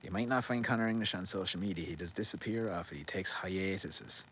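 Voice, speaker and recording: Deep-voiced Irish man chatting in a garden. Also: fairly quick, fairly bright tone, a little hiss or hum. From Ireland. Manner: rambling, joking, reads out viewer comments. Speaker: livestream host. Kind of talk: casual live-stream chat. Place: garden outdoors at night.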